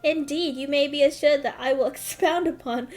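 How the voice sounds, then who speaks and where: A woman voicing an earnest young male scholar-diplomat in a game, with formal, measured, old-fashioned phrasing. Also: sits high, fairly even intonation, a little mellow, close to an everyday voice. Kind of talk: reading game dialogue aloud.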